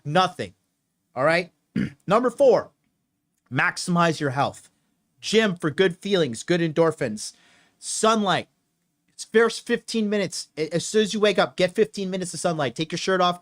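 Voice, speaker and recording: A man's voice: sits high, fairly bright tone. Profane, emphatic man dating coach. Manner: profane, emphatic, repeats himself. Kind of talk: solo advice monologue.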